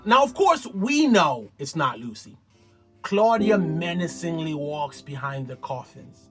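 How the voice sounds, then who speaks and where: A man's voice: on the high side, sing-song, measured pace, over music. A man hosting a casual reality TV recap, slangy and playful, with dramatic exclamations. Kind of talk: casual show recap commentary.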